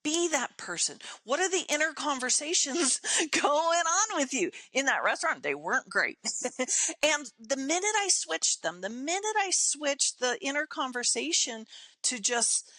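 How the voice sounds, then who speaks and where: An older woman, a podcast guest, telling stories in casual, animated chat, emphatic and quick to laugh. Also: sits high, no echo. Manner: animated storyteller, acts out her own inner voice.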